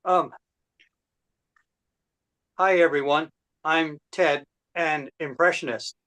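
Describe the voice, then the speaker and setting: A man doing a deadpan stand-up set of impressions, talking haltingly over a video call. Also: on the high side.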